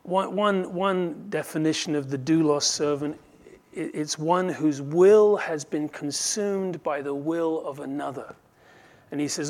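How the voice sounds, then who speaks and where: A man's voice: fairly high pitch, unhurried. Man preaching an earnest sermon. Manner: earnest preaching with acted-out dialogue and restarts. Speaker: pastor.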